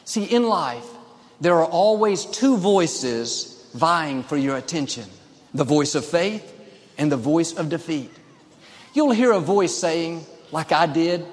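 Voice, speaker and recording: A male pastor delivers a sermon, stacking up short, emphatic declarations one after another. His voice sits a little high for a man. The sound carries a long reverb, as in a large hall. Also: lively intonation, measured pace.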